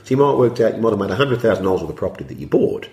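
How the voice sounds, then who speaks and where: A man's voice: fairly low pitch, sing-song, very fast, a little mellow. A man talking as an interview guest, rambling through his points and acting out his own thoughts in quotes. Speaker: property developer, podcast guest. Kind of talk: conversational interview talk. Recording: roomy echo.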